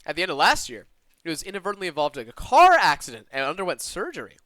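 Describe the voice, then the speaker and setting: A man with a faint Southern twang reads a visual novel aloud during a live stream from his room. He speaks quickly with a bouncy, lively pitch, staying animated and expressive and breaking off for quick asides to chat. His voice is bright, and the recording is dry and close.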